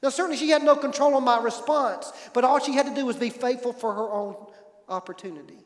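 High-voiced male pastor in echoey hall. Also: quick pace. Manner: storytelling, swings from loud and emphatic to hushed. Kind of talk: sermon.

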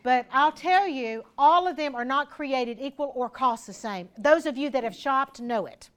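A woman's voice: high-pitched, moderate pace, a bit bright. A woman giving an informal health talk to a small group in a room, chatty and practical, speaking straight to her listeners.

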